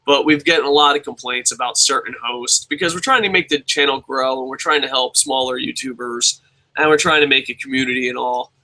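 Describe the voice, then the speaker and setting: A man's voice: medium pitch, fairly even intonation, fairly quick, pushed and bright, rough recording. A man hosting a live-streamed show, chatting casually in a rambling, profane, self-mocking way. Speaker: show host.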